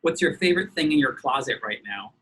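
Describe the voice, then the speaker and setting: A man's voice: mid-range voice, expressive, bright, forceful tone, breathy edge, rough recording. A man interviewing a colleague outdoors, firing off questions and teasing his guest. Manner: playful, teasing, quick questions. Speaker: interviewer, church organist. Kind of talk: casual interview.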